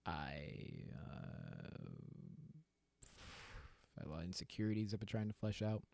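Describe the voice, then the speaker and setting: A man's voice: lowish voice, lively intonation, a little slow, creaky, mellow, no echo. A young adult man hosting his own podcast, talking candidly and with self-deprecating humor in a solo rant, often breaking into laughter. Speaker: podcast host.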